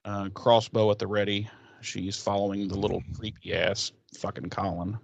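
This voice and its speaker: Low-voiced man recapping casually. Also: flat delivery, normal speed, gravelly, dry recording. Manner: loose, profane retelling with many fillers. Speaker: podcast co-host. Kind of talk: casual episode recap chat.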